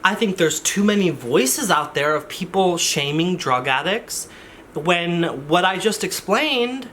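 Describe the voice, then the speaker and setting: A man's voice: sits high, animated, slow, bright, forceful tone, slight background noise. A man vlogging in a casual, rambling way, often interrupting himself with jokey asides. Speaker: YouTuber. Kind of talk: casual vlog chat.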